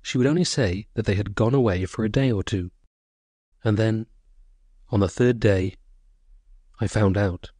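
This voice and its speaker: A man narrating a short story as an audiobook, in a measured, sorrowful first-person voice. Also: lowish voice, dark tone, breathy edge, no echo, clean studio sound.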